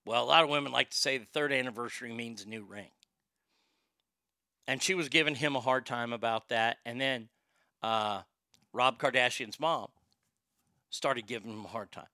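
A man spinning a casual, profane anecdote, his voice strikingly bright and forward. The sound is dry and close, with no room around it. He talks loosely and restarts his sentences as he goes. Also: medium pitch, moderate pace, pauses often, dry recording. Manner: profane, conversational, with frequent restarts.

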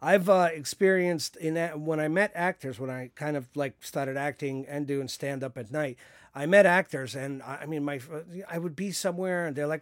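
A man's voice: a little high, fairly even intonation, moderate pace. A man hosting a podcast in casual chat, rambling with many restarts. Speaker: podcast host.

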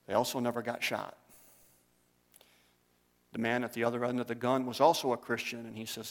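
A man's voice: mid-range voice, little pitch movement, moderate pace, long pauses. Preaching man in a reverberant hall. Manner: conversational preaching with storytelling. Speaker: pastor. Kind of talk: sermon.

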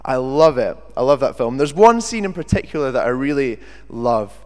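A young British man preaching a sermon, reading scripture and then talking in a lively, chatty way with jokey asides. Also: mid-range voice, moderate pace. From Britain. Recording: long hall reverb.

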